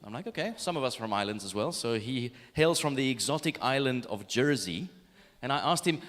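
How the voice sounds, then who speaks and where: A man's voice: medium pitch, animated, a little fast, fairly bright tone. A man from Greece introducing a keynote speaker, joking and telling a story about him. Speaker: event host. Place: large conference hall. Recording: hall reverb from stage mic.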